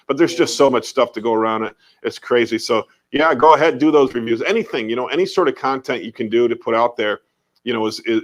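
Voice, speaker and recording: A man with an American accent co-hosting a casual livestream, talking emphatically and repeating his points. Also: medium pitch. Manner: animated and emphatic, repeats phrases, mild swearing. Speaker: livestream co-host.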